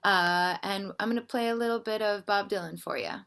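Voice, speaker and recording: A woman's voice: medium pitch, fairly quick, creaky, smooth. A woman teaching a ukulele workshop, explaining strums and counting beats aloud. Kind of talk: music lesson with playing and counting. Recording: loud ukulele behind voice.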